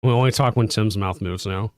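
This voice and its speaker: A man's voice: lowish voice, brisk, dry recording. A man co-hosting a live stream, joking and teasing in casual banter.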